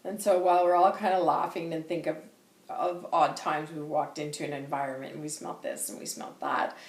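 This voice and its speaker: A woman's voice: low-pitched, fairly even intonation, fairly quick, creaky. A woman hosting a vlog, telling a story in a chatty way with frequent laughter and lots of relayed quotes. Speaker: intuitive vlog host. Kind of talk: casual storytelling chat. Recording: roomy echo.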